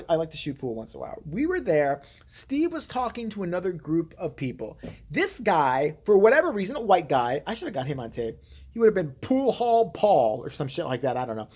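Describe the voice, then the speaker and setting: A woman's voice: mid-range voice, a little mellow, husky. A woman vlogger giving blunt, heated, profane commentary and telling a story.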